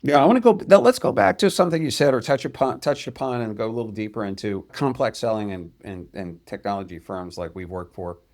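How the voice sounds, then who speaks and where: A man's voice: lowish voice, animated, quick pace, hardly any pauses, a little mellow. A man hosting a podcast, talking casually and working through his ideas step by step. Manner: thoughtful, explains ideas step by step. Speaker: podcast host. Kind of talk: casual conversational interview.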